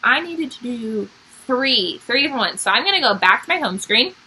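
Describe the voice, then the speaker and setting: A high, bright woman's voice with a slightly husky edge, rising and falling a lot as she talks. She is a music teacher walking young children through a recorded online lesson. Her tone is upbeat and she explains each step. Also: very animated, brisk, rough recording.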